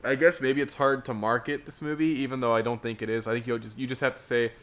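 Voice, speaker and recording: A young man hosting a casual livestream film review, excitable and rambling, repeating words and filling gaps with ums. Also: medium pitch, fast, hardly any pauses. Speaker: podcast host.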